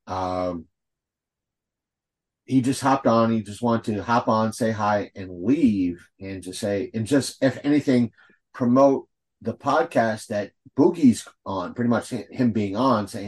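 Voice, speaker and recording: A man co-hosting a podcast in casual chat, rambling and filling gaps with "uh" and "um," blunt and quick to swear. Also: on the low side, darkish tone. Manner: rambling, heavy with fillers and restarts. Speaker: podcast co-host.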